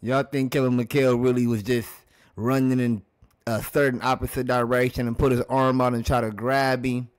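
A man's voice: medium pitch, flat delivery, moderate pace, smooth. A man hosting a casual reaction video, commenting on old basketball footage, laughing often and talking straight to his viewers.

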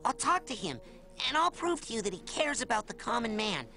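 Brief: eager young boy, persuasive, lively pitch, music behind. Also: fairly quick. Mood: earnest. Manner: earnest, persuasive.

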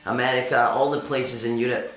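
An actor playing a self-important, deluded male stand-up comedian, boastful and halting with fillers, recorded in an echoey venue. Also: medium pitch, steady tone, fairly bright tone, natural voice. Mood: pompous. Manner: pompous and boastful, hesitant with fillers. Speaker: interviewee in a sketch.

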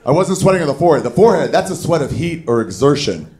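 A man doing a stand-up comedy set on a club stage, telling a story with animated, shouted put-on voices. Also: on the high side, fast talker. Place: comedy club stage before a live audience. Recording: live club recording with crowd. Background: audience laughter.

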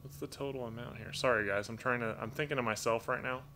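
Bright-voiced man rambling on a live stream. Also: mid-range voice, fairly even intonation, slight background noise. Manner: rambling, halting, many fillers and restarts; touched and grateful, thinking aloud. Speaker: livestream host reading donations. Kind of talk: casual live-stream chat. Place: home with pet toucans.

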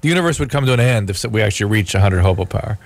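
A male radio co-host who talks fast in a gravelly voice. He drops dry, quick asides into the banter and explains things matter-of-factly. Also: fairly low pitch, animated, no echo. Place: remote broadcast location.

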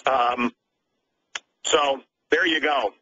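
A man's voice: medium pitch, fairly even intonation, extremely slow, bright, forceful tone, no room sound. A man talking as a radio guest, emphatic and rambling, often stammering as he restarts. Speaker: radio host, guest caller. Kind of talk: talk radio chat. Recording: dull lo-fi line with faint noise.

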